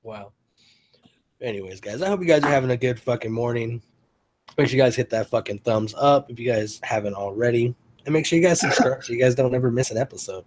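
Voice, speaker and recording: A man's voice: medium pitch, fairly quick, darkish tone. A man hosting a casual chat, rambling and profane, often restarting his sentences. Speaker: host.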